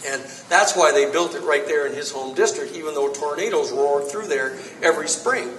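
A man giving an author talk, telling lively anecdotes to a live audience and acting out quoted lines. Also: a little high, normal speed, a little hiss or hum. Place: bookstore event space. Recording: roomy echo from far off.

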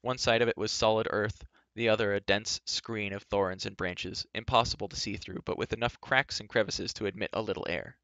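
Low-voiced man reading a novel aloud. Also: no room sound. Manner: steady, measured storytelling. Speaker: reader. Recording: dull dry lo-fi recording.

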